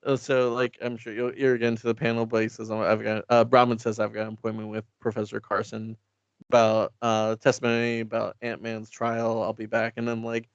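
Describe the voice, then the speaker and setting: A man's voice: mid-range voice, monotone, brisk, clear, resonant tone, no echo, muffled recording. A man co-hosting a comics podcast, riffing and giggling in casual chat. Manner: giggly, riffs with quoted character bits.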